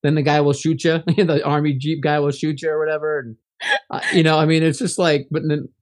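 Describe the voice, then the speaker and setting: A male podcast co-host talking through movies in a loose, rambling way. His voice sits a little high, and he laughs often and keeps restarting his sentences. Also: level tone, fairly quick. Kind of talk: casual movie-review chat.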